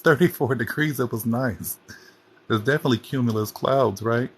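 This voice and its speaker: A man's voice: mid-range voice, normal speed, breathy edge. A man hosting a casual livestream chat on his phone, rambling and chatty as he jumps from topic to topic. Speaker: host.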